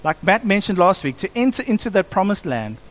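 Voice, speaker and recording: A middle-aged man preaching a sermon in an animated way, acting out quoted voices as he goes. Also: sits high, a little fast. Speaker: pastor.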